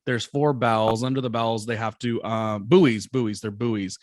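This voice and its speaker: A man hosting a casual recap podcast, rambling and hesitant, filling pauses with lots of ums. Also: mid-range voice, dry recording, studio quality. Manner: rambling, hesitant with many fillers. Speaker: podcast host.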